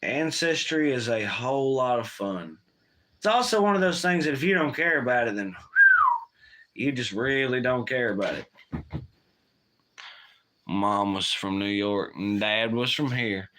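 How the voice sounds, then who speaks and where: A man's voice: medium pitch, expressive, a little slow, long pauses, a bit bright, a little hiss or hum. Profane, rambling livestream guy. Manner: profane, rambling, reads chat aloud. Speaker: livestream host. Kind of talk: casual livestream chat.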